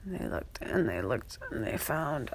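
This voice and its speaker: A woman's voice: rumbling low, big pitch swings, measured pace, gravelly, slight background noise. A woman making up a children's story as she goes, rambling along with fillers and restarts. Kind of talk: improvised children's story narration.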